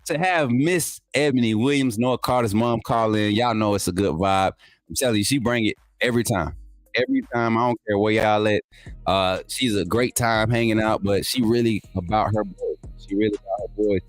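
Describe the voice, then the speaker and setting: A man's voice: on the low side, normal speed, no echo, faint music behind. Hyped, slangy male show host. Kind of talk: casual live-stream talk.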